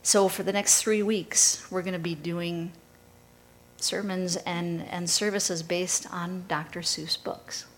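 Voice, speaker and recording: Slow, low-voiced woman preaching a sermon. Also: little pitch movement, a little hiss or hum, rough recording. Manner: measured storytelling delivery. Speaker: pastor.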